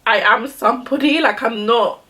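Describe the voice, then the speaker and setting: Talking to the camera while she gets ready, a young woman who does beauty vlogs rambles through a casual chat, leaning heavily on "like." She speaks at a normal speed in a slightly high voice that sounds pushed and bright.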